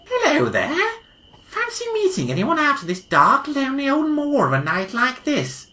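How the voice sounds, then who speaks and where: A woman voicing an excitable male time-travelling weasel doctor in a hobby audio drama, theatrical and bossy. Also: high voice, moderate pace, full character voice. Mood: excited. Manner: theatrical, bossy, easily bored.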